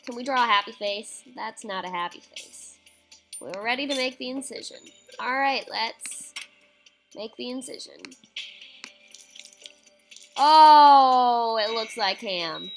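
Young female let's-player, unhurried and chatty, light game music underneath. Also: on the high side, poor audio. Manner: chatty, reads game prompts aloud, squeamish exclamations. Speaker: game streamer. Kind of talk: casual let's-play commentary.

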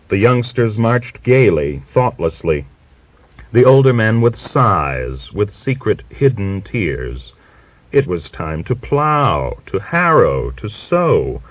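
A man reading a novel as an audiobook narrator, in a measured, solemn manner. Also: on the low side, dry recording. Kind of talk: scripted literary narration. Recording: dull lo-fi old recording.

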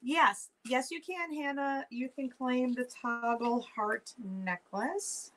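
A woman's voice: high-pitched, slow, a bit bright. A woman hosting a live online jewelry sale, chatting in an upbeat way straight to her viewers. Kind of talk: casual live-stream selling chat.

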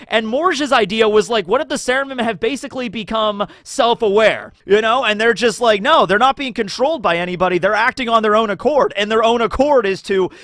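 High-voiced animated male commentator. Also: dry recording, clean studio sound. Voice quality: animated, rambling with fillers. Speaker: anime theory video host. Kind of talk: casual commentary monologue.

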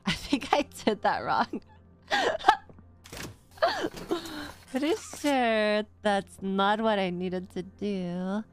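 Woman streamer, live gameplay commentary, excitable and swearing, unhurried delivery, faint game music behind. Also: medium pitch, clean tone. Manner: excitable, swearing, frequent laughter.

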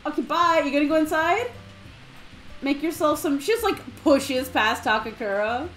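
A woman streaming a video game, chatting casually with playful giggles and bursts of excitement. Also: high voice, normal speed, soft background music. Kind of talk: casual let's-play commentary.

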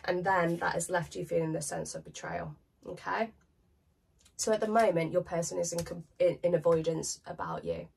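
A woman's voice: fairly low pitch, animated, moderate pace, vocal fry, darkish tone, husky, distant mic. A chatty British woman with a cold, giving a casual tarot card reading to camera in an informal, slangy way. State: has a cold. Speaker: tarot reader.

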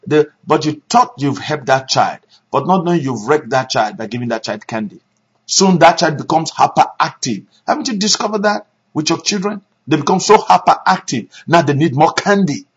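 A male pastor preaching a sermon, animated, with sudden shouts and hushed asides. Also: fairly high pitch, fairly quick, slightly rough, dull audio.

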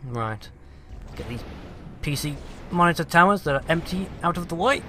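A man's voice: fairly high pitch, animated, moderate pace, noisy background. A British man giving sarcastic, profane let's play commentary and taunting the enemies on screen.

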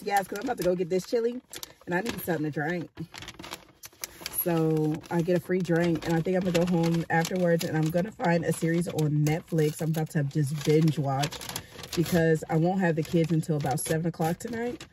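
Here a young woman, ill and losing her voice, casually vlogs at home, chatting and laughing a lot with the people watching. Her voice is lowish with a darkish tone and a normal speed, and slight background noise can be heard.

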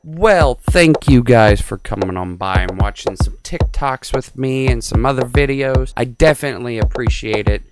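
A man's voice: medium pitch, normal speed, few pauses, music in the background. A man hosting a reaction video, chatting casually and jokingly over clips, stammering now and then. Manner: joking, stammers, begs viewers to subscribe.

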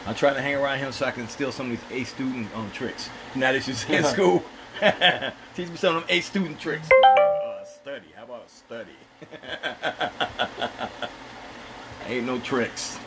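A man's voice: mid-range voice, moderate pace, noisy background. A man with a Jamaican accent hosting a cooking live stream from a home kitchen, chatting playfully and greeting viewers by name. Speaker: livestream host. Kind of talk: casual live-stream chat reading viewer comments.

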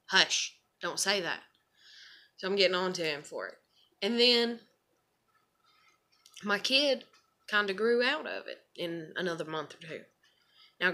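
Bright-voiced woman venting at home. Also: lowish voice. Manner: rambling, frustrated, swears freely. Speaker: mother vlogging. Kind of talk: casual venting vlog.

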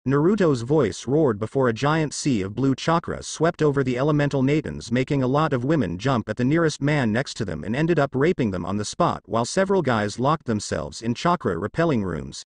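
Male narrator for a fan fiction reading, expressive delivery, lively pitch, dry close sound. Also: brisk, few pauses, no room sound.

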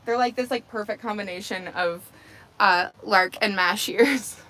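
Her voice is mid-range, bright, and forceful, and she takes her time speaking. She's hosting a relaxed outdoor livestream on a goat farm, talking into a selfie-stick phone, cooing baby talk at her goats and laughing frequently.

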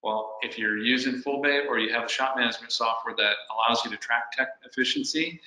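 A man's voice: mid-range voice, a little fast, bright, forceful tone, reverberant, low-quality recording. A man co-hosting a business webinar, asking practical what-if questions from a shop owner's point of view. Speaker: webinar co-host.

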